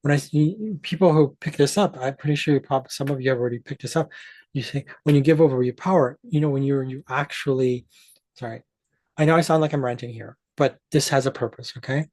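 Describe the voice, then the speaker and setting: Husky-voiced man ranting. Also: mid-range voice, brisk, darkish tone, no room sound. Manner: emphatic, profane, restarts mid-sentence. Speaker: astrology channel host. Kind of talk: ranting monologue to camera.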